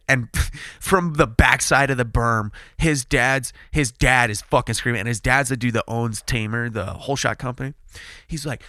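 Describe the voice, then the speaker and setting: A man in his thirties telling a racing story in a casual podcast chat, animated and profane, acting out the quotes. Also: medium pitch, moderate pace, dry recording, clean studio sound. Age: 30s. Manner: loud, excited retelling. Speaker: podcast host.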